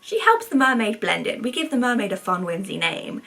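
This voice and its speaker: A woman's voice: mid-range voice, big pitch swings, a little fast, gravelly, pushed and bright. A woman in her twenties, a vlogger, rambling through casual commentary in a chatty, sarcastic way. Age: 20s.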